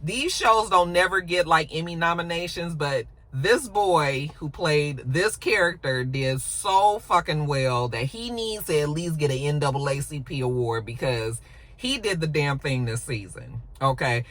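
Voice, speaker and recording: A woman's voice: low-pitched, measured pace. A woman recapping a TV episode in a casual, chatty and blunt way, with frequent asides. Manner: chatty, animated, blunt and profane. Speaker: TV recap YouTuber.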